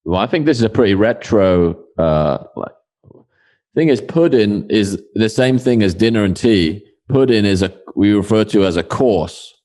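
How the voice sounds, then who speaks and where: A man's voice: on the low side, lively intonation, normal speed, darkish tone. A man co-hosting a casual podcast, explaining things hesitantly with many fillers. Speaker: podcast co-host. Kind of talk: casual chat.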